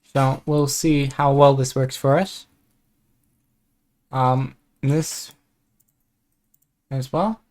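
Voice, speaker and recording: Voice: mid-range voice, fairly even intonation, drawn-out words, long pauses, a little mellow. A young adult streamer in casual live-stream chat, musing aloud and reacting with short comments.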